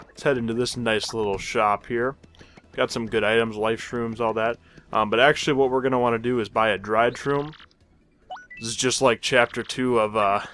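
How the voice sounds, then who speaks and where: A man's voice: lowish voice, sharp tone. Rambling man commenting on a video game. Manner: rambling, loose, lots of fillers and laughs at himself. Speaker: let's play host. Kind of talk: casual gameplay commentary.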